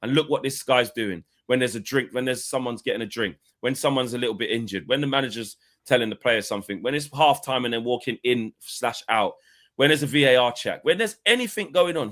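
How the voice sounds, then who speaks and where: Animated man ranting about football. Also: medium pitch, fairly quick. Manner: animated, swears freely, acts out footballers' rants. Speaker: football podcast co-host. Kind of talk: casual live-stream reaction chat.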